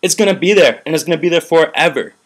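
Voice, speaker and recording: Young male vlogger, heated profane rant, rambling "like"s, slightly high voice. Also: fast. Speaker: vlogger recounting a protest. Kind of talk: ranting video commentary.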